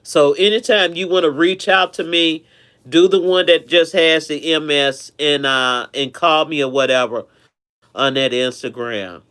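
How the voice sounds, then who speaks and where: A man with a fairly high, smooth and clear voice hosts a relaxed live stream. He chats warmly with his viewers and tends to repeat himself as he goes. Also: unhurried. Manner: chatty, affectionate, repeats himself.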